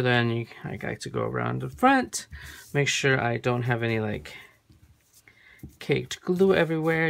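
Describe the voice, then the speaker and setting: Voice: mid-range voice, creaky, a bit bright, a little hiss or hum. A craft tutorial host chatting through a hands-on demo at a home work table, often stopping to correct themself mid-sentence. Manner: chatty, with frequent self-corrections. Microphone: camera framing a work surface.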